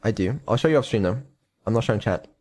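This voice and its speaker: A man's voice: on the low side, lively intonation, quick pace, a little mellow. A man streaming as a developer, talking casually with lots of ums and dry sarcasm. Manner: mumbling, hesitant, many ums, dry sarcasm.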